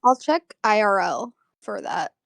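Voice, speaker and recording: A woman's voice: medium pitch, expressive, unhurried, gravelly, fairly bright tone, no room sound. A woman co-hosting a reaction stream, bantering playfully and teasing. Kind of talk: casual banter.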